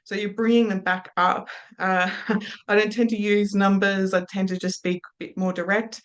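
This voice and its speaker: A woman trainer walks students through hypnosis technique in an easy, explanatory lecture. Now and then she drifts into slow, soothing trance patter to show how it sounds. Her pitch sits in an ordinary middle range.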